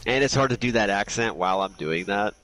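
Brief: man co-player, casual chat, lively pitch, quick to cheer. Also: faint music behind. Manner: laughing, chatty, quick to cheer.

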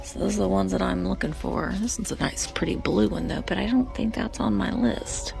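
A woman's voice: medium pitch, brisk, vocal fry, darkish tone. A woman vlogging a thrift hunt in an antique mall, chatting casually, talking to the items and slipping into whispered asides. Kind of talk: casual thrift-shopping chat. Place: indoor antique mall with booths. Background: faint store music.

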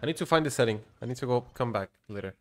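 A man's voice: medium pitch, expressive, very fast. A man streaming a shooter game, rambling in casual commentary, muttering to himself and swearing now and then. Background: gunfire from the game.

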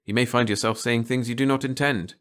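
A man voicing a stern adult male alien hunter who speaks in a measured, correcting way. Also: mid-range voice, fairly even intonation, fairly bright tone, natural voice.

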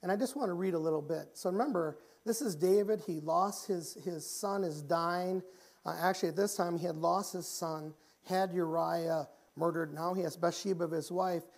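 A man preaching a church sermon, often repeating and restarting phrases and rising in pitch and volume when he reaches the pleading passages. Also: moderate pace. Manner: grows louder and higher when pleading passages. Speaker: pastor. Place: church sanctuary.

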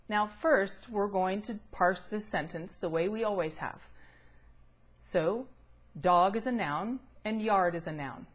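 A middle-aged woman gives a recorded grammar lesson, with a voice in a middle pitch range. She explains each step patiently and clearly, slowing to draw out the words she wants to stress. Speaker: grammar teacher.

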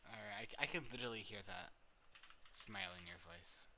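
A teenage boy chatting casually while streaming a game, laughing often and yelling when he loses. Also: on the low side, brisk, background noise. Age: teens. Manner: laughs a lot, yells when losing. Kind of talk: casual gaming chat.

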